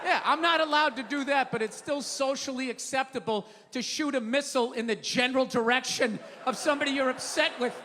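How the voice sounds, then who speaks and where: A middle-aged comedian rants on stage, swearing and exasperated, with sudden shouted bursts. His voice sits high and bright. It carries a long reverb from a big theater, with a light hiss underneath. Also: fairly quick, few pauses. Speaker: stand-up comedian. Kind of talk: stand-up comedy rant.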